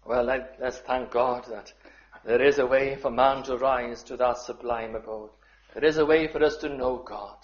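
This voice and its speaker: A man preaching a sermon, measured and deliberate, sometimes rising into fervent appeals. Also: mid-range voice, reverberant, lo-fi sound.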